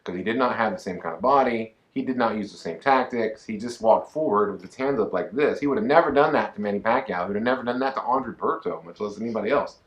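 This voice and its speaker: A man co-hosting a casual talk podcast, chatting in an animated, joking way. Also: on the low side, reverberant. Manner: animated, jokey, quick asides. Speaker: podcast co-host. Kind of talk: casual chat.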